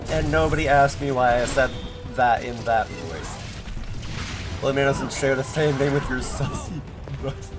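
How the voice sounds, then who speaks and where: A man's voice: medium pitch, a little slow. A man streaming gameplay, chatting in a sarcastic, joking way with rambling asides. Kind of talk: live gameplay commentary. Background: game music.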